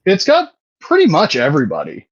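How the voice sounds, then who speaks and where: A man's voice: on the high side, huge pitch swings, fairly quick, husky, no echo, dull audio. A man in his thirties co-hosting a podcast, chatting casually, rambling and swearing, often laughing. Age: 30s. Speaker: podcast co-host. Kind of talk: casual chat.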